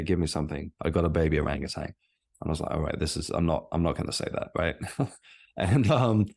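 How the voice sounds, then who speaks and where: A man's voice: deep voice, a little mellow. A man telling a personal story as a podcast guest, with frequent restarts and fillers. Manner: hesitant, many restarts and fillers. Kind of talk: conversational storytelling.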